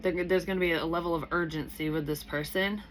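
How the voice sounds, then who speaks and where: A woman's voice: fairly low pitch, steady tone, fairly quick, slight background noise. A young woman working as a psychic medium, giving a casual, rambling reading and thinking aloud with frequent restarts and blunt swearing. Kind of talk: casual spoken tarot reading.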